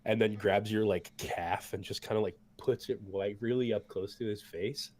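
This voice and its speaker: A man's voice: on the low side, fairly even intonation, moderate pace, darkish tone. A man narrating as game master in a loose, casual way, full of fillers. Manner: casual, many fillers and restarts.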